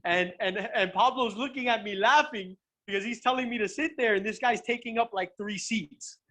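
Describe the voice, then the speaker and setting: A young man, a professional fighter, chatting as a guest and telling stories in an animated, profane way, often restarting his sentences. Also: sits high, normal speed. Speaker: guest, pro MMA fighter. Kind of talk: casual chat, storytelling.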